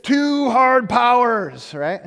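A male pastor giving a conversational, animated sermon, often repeating words as he restarts. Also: very high voice, very slow, creaky. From United States. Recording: long hall reverb.

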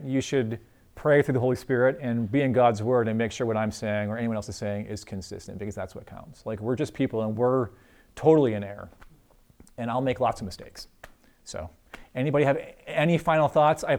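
A man leading an informal church group discussion, talking earnestly with many pauses and restarts, then closing in prayer. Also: mid-range voice, darkish tone.

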